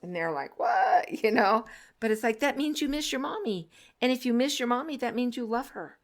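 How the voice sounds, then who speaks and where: A woman's voice: fairly high pitch, a little fast. Woman in a chatty podcast talk, ex kindergarten teacher, tells stories and does little voices for kids and parents. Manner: animated storyteller who acts out quoted children and parents. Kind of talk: casual podcast conversation.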